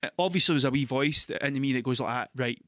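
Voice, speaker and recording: A Scottish man hosting a podcast, telling stories in an animated, sweary, ranting way. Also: mid-range voice, racing, no echo, studio quality. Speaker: podcast host. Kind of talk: casual monologue.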